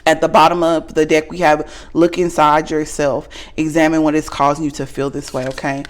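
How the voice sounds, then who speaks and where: A woman's voice: sits low, little pitch movement, brisk. A woman with a Southern US accent giving a casual tarot reading straight to the viewer, frank and earnest, ending almost every sentence with a questioning "okay?". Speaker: tarot reader.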